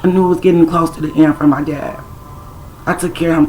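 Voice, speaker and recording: A woman's voice: on the low side, a little fast, a little hiss or hum, low-quality recording. Blunt, streetwise woman talking to viewers. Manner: blunt and streetwise, swears, talks straight to the camera's audience. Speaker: self-described spiritual intuitive. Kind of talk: casual spiritual storytelling to viewers.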